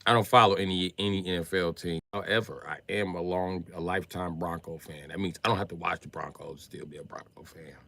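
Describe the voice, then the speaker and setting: A man with a deep, forceful voice talks casually on a live stream. He rants with plenty of profanity, often jumping from muttered asides to loud, animated outbursts. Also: fast talker, gravelly, hardly any pauses.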